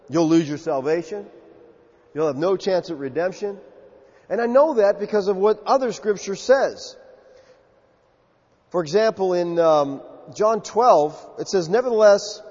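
Preaching with emphasis, a Southern pastor acts out the quotes he shares in character. His voice is high, breathy, and a little mellow, while the recording sounds slightly muffled with a long echo through the hall.

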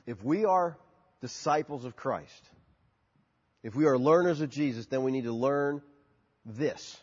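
In a husky voice and at a slightly slow pace, a man preaches a sermon, pitching sharply up and down and asking the congregation questions. The sound is muffled and carries a long hall reverb.

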